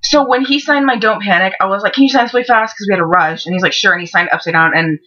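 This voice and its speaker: A woman's voice: mid-range voice, very fast, pushed and bright. A teenage girl in casual chat, chiming in with her own side of a shared concert story. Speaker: friend and co-vlogger. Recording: dull lo-fi webcam audio.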